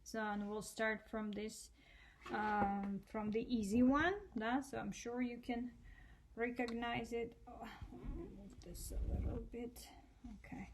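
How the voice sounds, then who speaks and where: A Russian language teacher gives a slow, step-by-step handwriting lesson on cursive letters, spelling them out patiently and checking in with short questions. Her voice is on the high side and slow-paced, with background noise.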